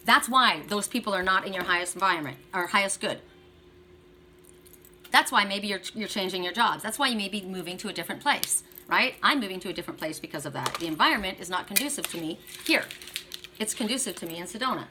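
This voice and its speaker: A woman's voice: mid-range voice, animated, fast talker, background noise. A middle-aged woman reading oracle cards for viewers in a chatty, encouraging way. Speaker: tarot and oracle card reader.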